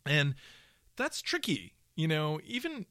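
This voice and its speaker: A man's voice: a little high, big pitch swings, takes it slowly, sharp tone, no room sound, clean studio sound. A man co-hosting a podcast, talking casually about voice work, rambling with many restarts and asides. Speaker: podcast co-host, audio professional.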